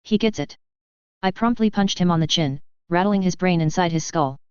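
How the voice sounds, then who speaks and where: A woman reading a first-person fan fiction story aloud in a steady narrating voice. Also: fairly low pitch, fairly quick, smooth, no echo. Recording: dull lo-fi dry recording.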